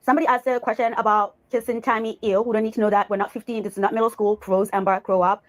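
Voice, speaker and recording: A woman's voice: medium pitch, little pitch movement, quick pace, no room sound. A woman giving reaction commentary in a sarcastic, scolding manner. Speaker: commentary YouTuber.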